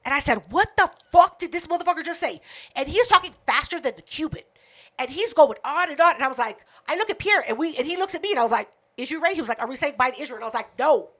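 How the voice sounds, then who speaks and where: Woman, podcast co-host, high voice, casual storytelling, profane, acts out the dialogue. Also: fast. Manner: profane, animated retelling with quoted dialogue.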